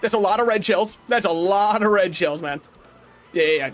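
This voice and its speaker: A man streaming a racing game live, commentating with excitable, profane banter toward the other players and chat. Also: sits high, normal speed. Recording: faint game music behind.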